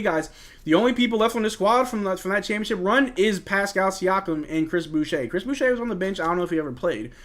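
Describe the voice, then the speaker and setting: A young man with a slightly high voice hosts a live fan stream. He calls the plays loosely and chats back to his viewers in a relaxed, joking way, tossing in bits of trash talk. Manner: chatty, reads and answers chat, jokes and trash talk. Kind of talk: casual live game watch-along commentary.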